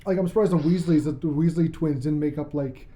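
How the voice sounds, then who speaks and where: A podcast host chatting casually as an enthusiastic fan, rambling and cracking quick jokes. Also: medium pitch, steady tone, warm tone.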